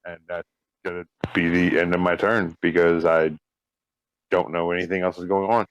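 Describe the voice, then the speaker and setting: A man playing a character in a tabletop game, talking in a hesitant, soft way with lots of fillers, heard through a muffled microphone. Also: low-pitched, flat delivery, moderate pace, clean tone, dry recording. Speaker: player. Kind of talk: casual tabletop play. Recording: muffled mic with audio issues.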